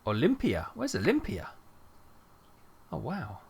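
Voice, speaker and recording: A man's voice: mid-range voice, wildly swooping pitch, slow pace, creaky, a little mellow, breathy edge. A man streaming a trucking game, rambling and thinking aloud with lots of fillers. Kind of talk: casual gameplay chat.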